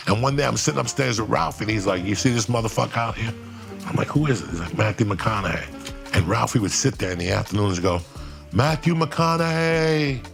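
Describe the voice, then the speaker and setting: A man telling a casual story, swearing freely and mimicking shouting friends. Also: on the low side, vocal fry. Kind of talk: casual anecdote.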